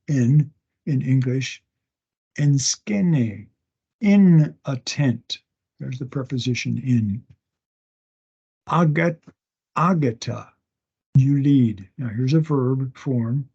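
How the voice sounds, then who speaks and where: A male instructor giving a recorded class lecture from home, talking slowly and haltingly, often pausing and restarting, and sounding out words one at a time and repeating them. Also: medium pitch, mellow, slightly rough. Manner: slow, halting, with many restarts and fillers. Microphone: online meeting recording. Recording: dull lo-fi meeting audio.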